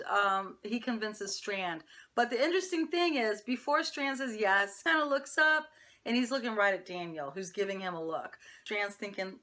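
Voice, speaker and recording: Bright-voiced woman recapping a TV episode. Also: medium pitch. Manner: chatty, opinionated, talks straight to viewers. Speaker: TV show reviewer.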